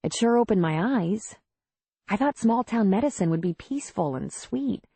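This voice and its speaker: A woman's voice: mid-range voice, lively intonation, normal speed, warm tone, slightly rough, dry recording. A woman voicing a candid, earnest widowed midwife from the city in an audiobook.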